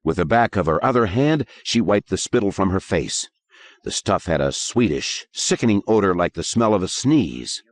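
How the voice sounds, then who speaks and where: A man narrating an audiobook in a measured, expressive way. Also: sits low, no room sound. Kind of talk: scripted narration.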